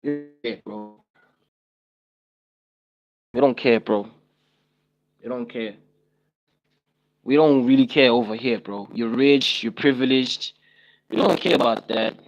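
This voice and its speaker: A man's voice: mid-range voice, takes it slowly, long pauses, highs cut off. A young man on a casual livestream, talking to his viewers and repeating himself in exasperated rhetorical questions.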